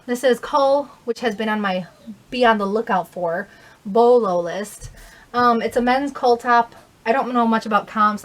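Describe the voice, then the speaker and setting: A young woman chatting casually in a haul vlog, rambling with fillers and correcting herself as she goes. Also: fairly high pitch. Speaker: vlogger, thrift reseller.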